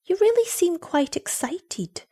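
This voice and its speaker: A haughty young village girl, as a woman reads her, scornful and measured, with a lively rise and fall in her lines. She talks down with calm superiority in a storybook reading. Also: very high-pitched, voice pushed up, exaggerated voice.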